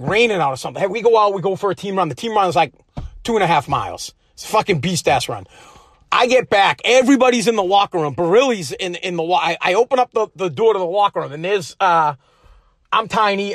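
A man from Massachusetts hosts a podcast, his high, slightly bright voice captured in clean studio sound with no room sound. He's delivering a casual political rant that rambles, swears and picks fights.

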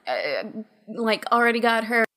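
A woman's voice: a little high, a little slow. Giggly woman narrating a role-play. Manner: giggly, animated. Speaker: player.

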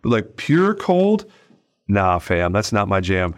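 A man hosting a podcast in casual conversation, acting out sales calls in quick mock voices. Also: lowish voice, very animated. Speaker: podcast host.

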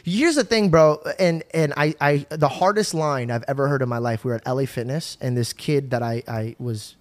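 A man's voice: mid-range voice, moderate pace. A male comedian in casual podcast chat, laid-back, swearing and calling people bro.

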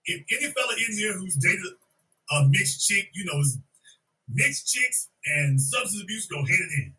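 A man's voice: sits high, very animated, normal speed, pushed and bright, distant mic, poor audio. A man hosting a podcast, giving blunt, slangy commentary on clips and repeating his points. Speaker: podcast host.

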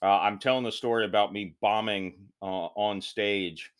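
A man's voice: fairly low pitch, fairly even intonation, normal speed, smooth. A man hosting a podcast, talking through a casual solo intro in a rambling, loose and self-deprecating way. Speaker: podcast host.

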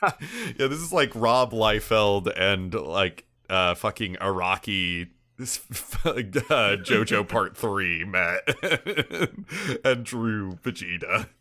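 A man's voice: lowish voice, animated, very slow, bright, forceful tone. A man co-hosting a podcast, chatting casually about an anime episode, laughing often and swearing freely as he rambles. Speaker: podcast co-host.

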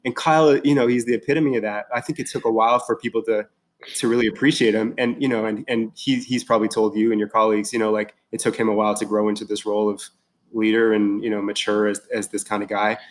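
A man chatting casually as a guest, excited and rambling, full of fillers and restarts. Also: fairly low pitch, fast. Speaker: podcast guest. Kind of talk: casual chat.

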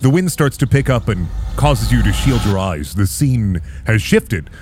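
A man serving as dungeon master, narrating a tabletop game in a calm, descriptive way. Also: lowish voice, a little slow. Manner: calm descriptive narration, casual swearing out of character.

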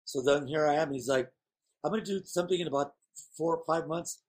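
A man's voice: a little high, fairly quick. A man chatting as a guest, telling rambling, candid stories in a playful way. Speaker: guest performer. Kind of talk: casual chat.

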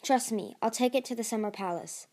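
A woman's voice: a little high, a little fast, a little mellow, slight background noise, lightly acted. A woman reading aloud and voicing a determined, protective young female sea dragon who speaks insistently. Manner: insistent, urgent.

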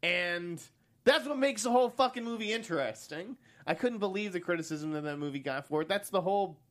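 A man's voice: high voice, animated, fairly quick, a bit bright. A man co-hosting a casual movie podcast. He is blunt and cusses freely, and he laughs easily between points. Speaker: podcast co-host. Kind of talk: casual movie news chat.

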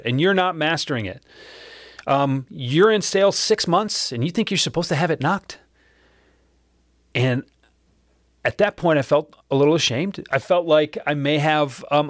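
A man's voice: a little high, no echo, studio quality. A man telling a personal story to listeners in a conversational way, acting out remembered dialogue.

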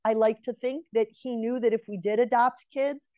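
Speaking at a normal speed, this woman's voice is on the high side yet dark in tone, with fairly even intonation. She's in her forties, a relationship mentor guesting on an interview, sharing a personal story casually and giving earnest advice straight to women.

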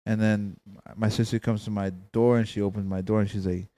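A man's voice: on the low side, flat delivery, a little fast, dark tone, no echo. A young man co-hosting a podcast, telling a rambling story among friends, full of slang and swearing. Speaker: podcast co-host.

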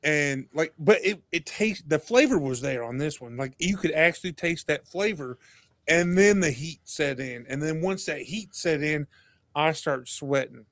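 A man with a drawl and a slightly high voice tells a story on a podcast, animated and laughing as he acts out each line. The sound is close and dry, with no room around it. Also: normal speed, no echo. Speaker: podcast guest. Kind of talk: casual storytelling chat.

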